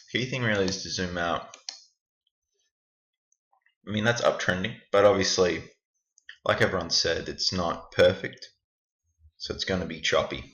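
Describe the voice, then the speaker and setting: Deep-voiced man, rambling self-critical screen walkthrough, muffled lo-fi sound. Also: pushed and bright. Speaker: trader reviewing his backtest results. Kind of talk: casual screen-recording walkthrough. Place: indoors at a computer. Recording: echoey room, dull lo-fi sound.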